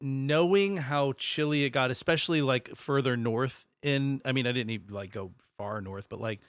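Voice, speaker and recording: A man's voice: medium pitch, moderate pace, no room sound. A man raised in the American South co-hosting a podcast, rambling and swearing casually. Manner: rambling, swears, self-correcting. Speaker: podcast co-host. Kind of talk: casual chat.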